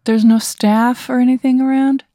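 A woman's voice: sits high, level tone, normal speed, mellow, dry recording, clean studio sound. A woman playing a tabletop game, speaking hesitantly and trailing off. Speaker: player.

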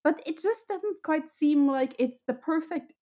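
A woman's voice: high voice, expressive, unhurried, dark tone. A woman from Germany with a German accent, a podcast guest speaking in a friendly, upbeat, explanatory way. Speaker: podcast guest, wellness coach. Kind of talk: conversational interview.

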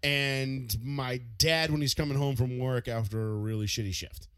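A man co-hosting a casual podcast, talking fast and loose, swearing often and acting out other people's angry words. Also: medium pitch, clear, resonant tone, no echo. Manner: animated, swears a lot, acts out angry quotes. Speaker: podcast co-host. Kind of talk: casual profane chat.

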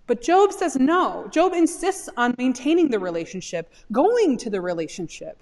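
A woman delivers a sermon in a lively voice that swings up and down. Her pitch sits a little high. Her voice carries a long reverb through the hall. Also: normal speed, hardly any pauses. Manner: animated, rising to impassioned pleas when voicing Job. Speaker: pastor.

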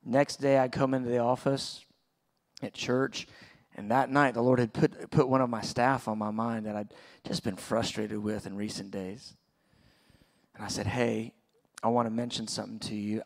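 A pastor in his forties preaching a sermon, telling a personal story in a conversational, halting way. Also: mid-range voice, level tone. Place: church auditorium.

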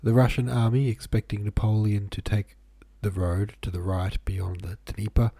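A man hosting a podcast, reading a novel aloud in a calm, measured way, nasal and stuffy from a head cold. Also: on the low side, creaky, husky, no room sound. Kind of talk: audiobook-style reading.

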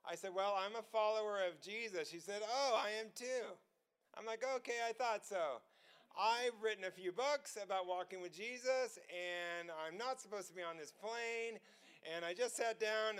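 A man preaching a testimony sermon, telling a story with frequent laughter and excitement. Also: high voice, smooth.

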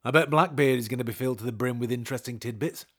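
A man's voice: medium pitch, racing. A man co-hosting a comedy history podcast, playful and theatrical. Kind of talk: comic sketch interview.

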